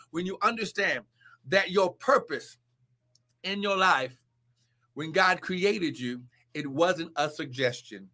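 A man preaching a live-streamed sermon and healing prayer, fervent, with shouted exclamations and bursts of speaking in tongues. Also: sits high, lively intonation, slow, pauses often.

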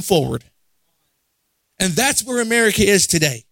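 A man's voice: sits high, animated, normal speed, a bit bright, no echo. A man preaching a conversational sermon, asking the congregation questions and repeating phrases for emphasis.

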